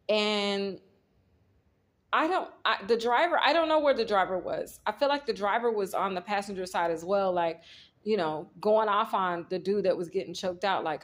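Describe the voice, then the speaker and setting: A woman's voice: medium pitch, lively intonation, moderate pace. A woman, casually telling a story while reading tarot cards, rambling and speaking straight to her viewers. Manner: rambling, talks straight to viewers, retells scenes quoting herself. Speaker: tarot reader.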